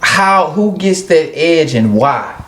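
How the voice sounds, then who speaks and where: A man's voice: fairly high pitch, lively intonation, takes it slowly, a crowd in the background. A man talking casually as a guest on a podcast, laid-back and swearing freely. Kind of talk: casual chat.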